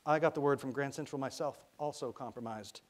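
A man voicing a young woman calling in by radio, clipped and shouting. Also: mid-range voice, a little fast, voice pushed up, lightly acted. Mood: urgent.

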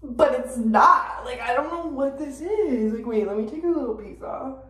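Young woman, casual vlog chat, filler-heavy rambling, frequent swearing, slightly high voice, echoey room. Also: expressive, moderate pace, fairly bright tone. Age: 20s. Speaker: vlogger. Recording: roomy, distant from the mic.

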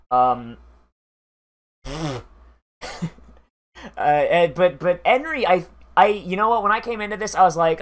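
Reaction host, loose chatty delivery, profane, filler-heavy. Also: mid-range voice. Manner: rambling, profane, full of fillers and restarts; frequent laughter. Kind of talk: casual reaction commentary.

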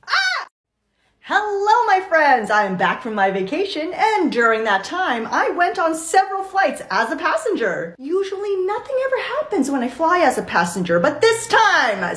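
A woman flight attendant spins comic tales in a lively, exaggerated way. Her voice is high and leaps all over the place. The sound rings off the walls of a roomy space. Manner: animated, exaggerated storytelling. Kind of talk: comedic storytelling vlog.

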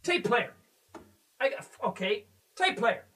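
Male gaming host, horror playthrough: high, bright voice, jumpy and profane, slightly distant mic. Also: big pitch swings, takes it slowly, a little hiss or hum. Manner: jumpy, swearing, shouting when scared. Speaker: gamer playing a horror game. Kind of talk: let's play commentary.

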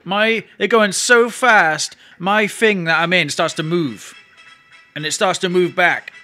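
A man with a bright, forceful voice pitched a little high recounts an ordeal in a rambling, emotional vlog. He restarts his sentences often, and faint music plays behind him. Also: slow. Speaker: vlogger. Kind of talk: casual storytelling to camera.

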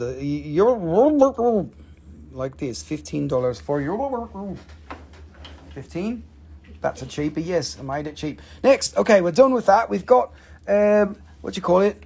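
A man hosting a live crystal sale in casual, playful chat. He jokes, gets excited easily and drifts into broken-English sales talk. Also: on the high side, unhurried, gravelly, breathy edge. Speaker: host selling crystals on a live stream.

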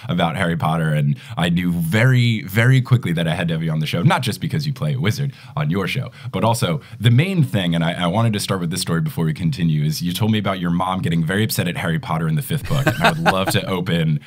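A man's voice: sits low, lively intonation, fast talker, few pauses. A young adult man hosting a podcast in a playful, joking, theatrical way. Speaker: podcast host. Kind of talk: casual podcast chat.

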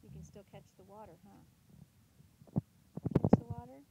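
A woman's voice: mid-range voice, fairly even intonation, a little slow, very noisy. A mother filming her small child outdoors in a backyard, talking in a playful, doting, coaxing way and laughing often. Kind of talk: home video chat with a small child.

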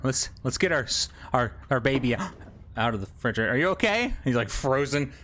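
With slight background noise, a young man gives brisk let's play commentary in a mid-range, fairly bright voice with fairly even intonation. He jokes at and talks to an on-screen baby, occasionally bursting into laughter or a yelp.

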